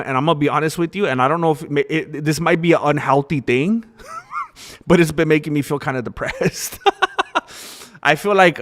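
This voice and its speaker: A young man hosting a livestream, talking candidly and rambling in casual chat with viewers. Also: mid-range voice. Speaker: livestream host.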